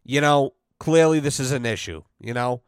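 A man's voice: medium pitch, moderate pace, clean tone, dry recording, studio quality. A man telling a rambling, profane work story on his podcast, full of fillers and quoted back-and-forth dialogue. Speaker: podcast host. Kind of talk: casual storytelling.

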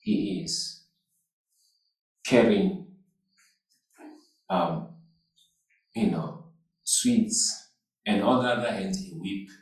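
Man, pastor, unhurried sermon, lowish voice, distant mic. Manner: slow, repetitive preaching with call-outs to the congregation. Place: church hall. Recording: echoey hall, mic far off.

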